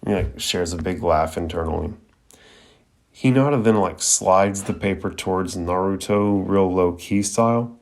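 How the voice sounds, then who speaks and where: A man's voice: low voice, normal speed. A man hosting a podcast, recapping an anime episode in a chatty, slangy way full of fillers.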